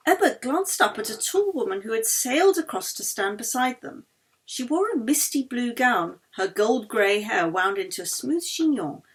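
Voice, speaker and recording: A woman reads her novel aloud in measured, expressive audiobook narration. Her voice sits a little high. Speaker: author reading her novel.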